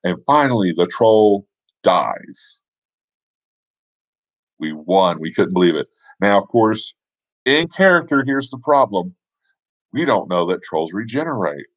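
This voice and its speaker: A man's voice: sits low, lively intonation, unhurried, long pauses, dry recording, muffled recording. A man casually retelling a tabletop role-playing game session in a rambling, offhand way. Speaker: storyteller.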